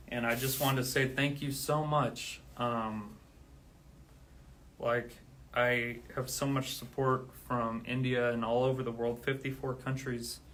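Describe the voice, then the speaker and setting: Flat-voiced man counting on a livestream. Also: mid-range voice, a little hiss or hum. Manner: steady counting, then grateful rambling. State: out of breath. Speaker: drummer streaming live. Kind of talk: casual livestream talk.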